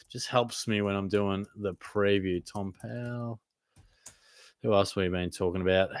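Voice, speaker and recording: Laid-back Aussie bloke answering chat. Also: male voice, fairly low pitch, fairly bright tone, clean tone, no echo. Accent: Australian. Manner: laid-back, blokey, calls viewers mate. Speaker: fantasy football live stream host. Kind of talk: casual live Q&A reading chat questions.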